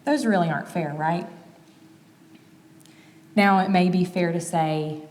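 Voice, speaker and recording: A woman's voice: on the low side, measured pace, pauses often, big-room sound, slight background noise. A mother in her thirties giving a plainspoken, conversational talk on family communication. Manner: conversational, plainspoken, gently quotes examples.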